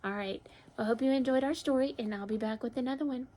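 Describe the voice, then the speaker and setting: A woman teacher reading a picture book aloud to young children in a sing-song storybook voice, with high excited calls and gentle, encouraging questions. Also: fast.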